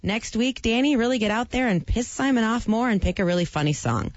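A woman's voice: on the high side, expressive, a little fast, no echo. A woman co-hosting a talk show, reading news items in casual, wry chat. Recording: dull dry lo-fi broadcast sound.

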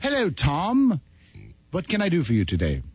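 A man's voice: on the high side, huge pitch swings, normal speed, darkish tone, slightly rough, no room sound, exaggerated voice. A man voicing an odd, stammering male businessman prank caller who mumbles beeps in place of numbers. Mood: insistent. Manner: mumbles beep sounds in place of numbers and stutters. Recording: dull phone-call archive.

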